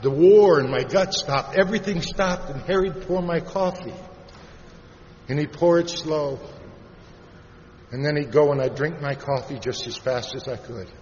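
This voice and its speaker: A man from Iowa tells his recovery story in a plain-spoken way, his voice sitting a little high. He goes quiet and slow when the memories get heavy. The recording is dull and lo-fi, with a long hall echo and a faint hiss underneath. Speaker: recovery meeting speaker. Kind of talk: personal recovery story told to a live audience. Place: large convention hall.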